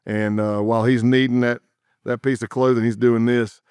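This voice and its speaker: A man's voice: mid-range voice, normal speed, smooth, no room sound. A man who was once an undercover agent tells his stories in a podcast interview, vividly and with sound effects and repeated words. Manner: vivid, animated storytelling with sound effects and repetitions.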